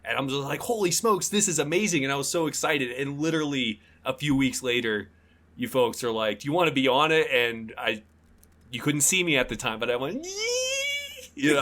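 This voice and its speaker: A man guesting on a casual podcast, telling stories in an enthusiastic, animated way. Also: medium pitch.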